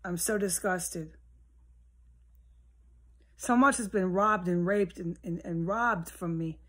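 A woman's voice: on the low side, slow pace, fairly bright tone. Woman, solo vlog monologue, at home indoors, rambling, profane, mutters then flares up. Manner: rambling and profane, drifting between muttering and heated outbursts. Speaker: vlogger. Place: at home, indoors with a window open.

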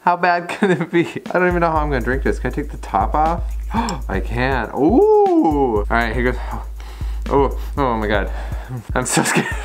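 A man's voice: medium pitch, normal speed, faint music behind. A young man hosting a casual vlog, giggly and full of exclamations. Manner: animated, giggly, exclaims a lot. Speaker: channel host.

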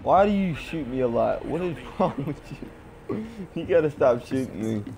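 A man streaming a shooter game, giving excitable commentary, swearing and yelling at teammates. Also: mid-range voice, moderate pace, vocal fry, background noise. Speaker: gaming streamer. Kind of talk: casual gameplay commentary.

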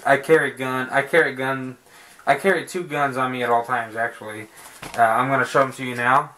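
A man's voice: mid-range voice, steady tone, brisk, pushed and bright. Rambling, cursing man reviewing a movie. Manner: rambling, profane and jokey, with frequent fillers. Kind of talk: casual home video review.

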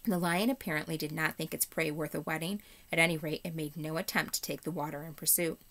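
A woman teacher reading a children's novel aloud to her class in an expressive storybook manner. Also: low-pitched, quick pace.

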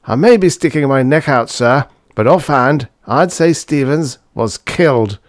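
Clinical male doctor in an old-style sci-fi audiobook, higher pitched and clipped, read by a man, dry sound. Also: expressive, unhurried, no echo, natural voice.

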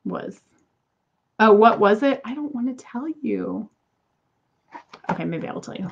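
A woman's voice: fairly high pitch, lively intonation, measured pace, breathy edge, dull audio. A woman in her thirties chatting casually to viewers while unboxing crystals, exasperated and talkative. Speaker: crystal seller.

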